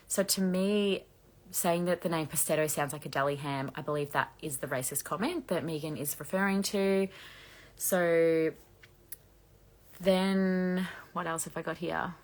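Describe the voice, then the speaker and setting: Woman, croaky low voice, fast chatty gossip livestream host. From Australia. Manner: fast-talking, chatty, laughs often. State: hoarse, losing her voice. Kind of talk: casual livestream chat reading comments. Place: bedroom at home with laundry drying.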